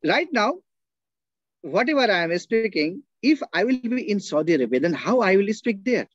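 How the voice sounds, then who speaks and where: A man's voice: sits high, sing-song, normal speed, dry recording, lo-fi sound. A man with an Indian English accent giving an online teacher-training talk, explaining points and often checking in with "right?" and "okay?". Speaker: workshop speaker, linguist. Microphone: video call.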